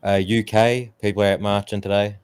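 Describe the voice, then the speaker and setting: A man with a lowish voice, talking in a rough, profane rant during a casual live-stream chat. The sound is dry and close, with no room in it. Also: little pitch movement, brisk, a little mellow, dry recording. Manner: blunt and heavily profane, ranting; mocks others in raised put-on voices.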